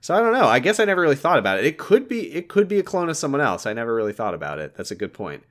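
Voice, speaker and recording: Laid-back, swearing man, lively voice. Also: mid-range voice, rapid-fire. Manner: laid-back, swearing, reads out quotes in flat mocking voices. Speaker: podcast co-host. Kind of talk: casual chat recapping a film.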